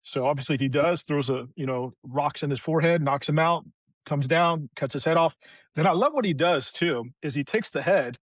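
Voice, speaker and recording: Man, podcast guest, casual storytelling, slightly high voice, acts out quotes, dry close sound. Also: normal speed, no echo.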